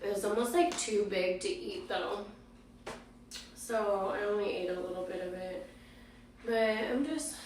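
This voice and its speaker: A woman vlogging casually about her days, tired and out of breath, speaking softly. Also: mid-range voice, reverberant, distant mic, a little hiss or hum. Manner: weary, speaking softly and slowly. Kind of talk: casual personal vlog. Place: hospital room, then home.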